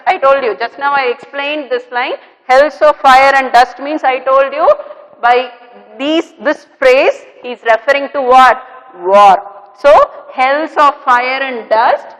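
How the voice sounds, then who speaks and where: Middle-aged lady teacher going over a poem, kinda high voice, long echo tail, says okay a lot and repeats stuff. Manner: repetitive, checking with "okay" and "clear?". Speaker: English teacher. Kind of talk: classroom lesson explaining a poem.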